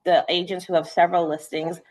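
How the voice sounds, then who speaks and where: A woman real estate trainer leading a live sales training session, talking fast and animated, checking in with "right?" as she goes. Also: lowish voice. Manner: conversational, frequent "right?" checks.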